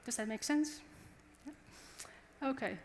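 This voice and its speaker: Lady giving a conference talk, kinda high voice, big echoey hall. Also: slow pace. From Taiwan. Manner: chatty and engaging, addresses the audience directly. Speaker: conference speaker. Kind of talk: conference presentation. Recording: long hall reverb.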